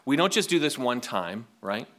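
A man's voice: mid-range voice, sing-song, normal speed, fairly bright tone. A man preaching a sermon, reading scripture aloud and asking the congregation rhetorical questions in a conversational way. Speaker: pastor.

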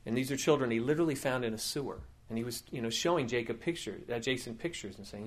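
Male pastor, sermon, earnest storytelling, mid-pitched voice, filler words and restarts. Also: fast talker, hardly any pauses.

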